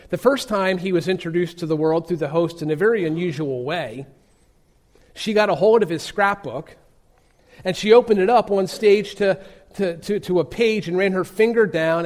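Man, preacher, sermon storytelling, earnest, emphatic pauses, higher-pitched. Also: darkish tone.

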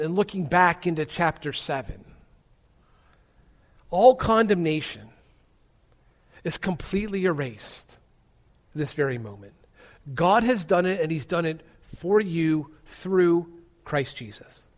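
A man with a high voice preaches a sermon from the pulpit. He presses hard on key words, then drops into hushed, low phrases before building up again. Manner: emphatic, swinging between loud stresses and hushed low words. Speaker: pastor.

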